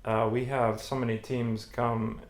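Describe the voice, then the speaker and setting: A man's voice: medium pitch, little pitch movement, a little slow. A man co-hosting a podcast, chatting casually and telling stories with laughs. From United States. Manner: storytelling, laughs often. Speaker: podcast co-host. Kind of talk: casual chat. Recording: echoey room.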